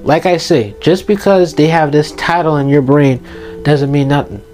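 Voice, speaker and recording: Earnest teenage boy, slightly high voice. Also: normal speed, a little mellow, faint music behind. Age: teens. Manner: passionate, emphatic, repeats key phrases. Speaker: youth vlogger giving advice. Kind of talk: earnest motivational monologue.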